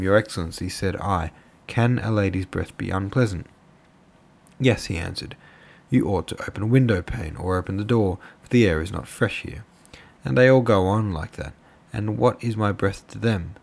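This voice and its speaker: A man's voice: low-pitched, creaky, heavily acted. A man voicing a half-mad crippled older mother who rambles on with self-pity. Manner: rambling, aggrieved.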